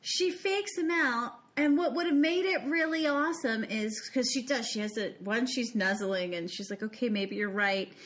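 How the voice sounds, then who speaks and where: A woman's voice: high-pitched, moderate pace, few pauses. A woman co-hosting a podcast, chatting casually about a movie, laughing often and saying "like" a lot. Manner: lively, laughing, frequent "like". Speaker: podcast co-host. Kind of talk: casual movie review chat.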